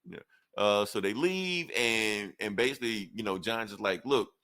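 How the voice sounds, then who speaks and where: A lower-voiced man chats casually about comics, rattling through the story and slipping into quick voices for each character. His talk is loose, full of fillers and asides to his co-host. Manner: animated retelling that acts out characters' lines in quick quoted snippets. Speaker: podcast co-host reviewing comics. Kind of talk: casual comic review chat, retelling plot.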